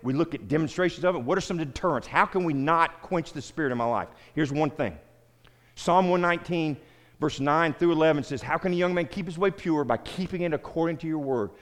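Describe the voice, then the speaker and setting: A middle-aged Southern man preaching in an easy, conversational way, slightly high-voiced for a man. He repeats himself and turns to listeners by name. His voice rings out with a long hall reverb. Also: brisk. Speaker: pastor. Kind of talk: sermon-style teaching.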